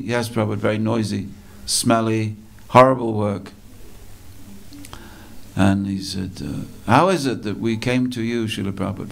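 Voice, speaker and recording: A man giving a storytelling sermon at a temple, slow and dramatic, repeating phrases for effect. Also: fairly low pitch, vocal fry, a little hiss or hum. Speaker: speaker at a temple festival. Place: temple hall.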